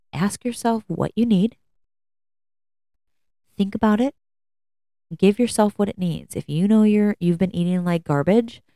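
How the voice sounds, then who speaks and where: Low-voiced woman rambling through a podcast. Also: warm tone, dry recording, clean studio sound. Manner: rambling, conversational, with frequent fillers. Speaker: podcast host. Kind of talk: casual solo podcast talk.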